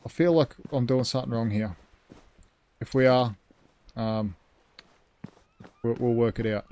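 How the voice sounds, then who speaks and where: A man's voice: mid-range voice, steady tone, unhurried, a little mellow, no room sound. A man streaming a ship game live, rambling as he thinks aloud and thanks his chat.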